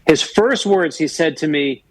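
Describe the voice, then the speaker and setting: A man in his fifties, a guest author telling stories on a radio talk show with animated energy and quick restarts. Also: fairly high pitch, no echo, rough recording. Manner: animated, fast storytelling with restarts.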